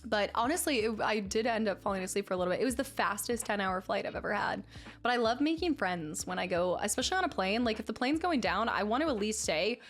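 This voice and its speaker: A woman's voice: mid-range voice, lively intonation, fast talker. A young woman streaming live, reading chat aloud and telling rambling stories with frequent giggles. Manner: giggly, chatty, rambling storyteller. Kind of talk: casual livestream chat.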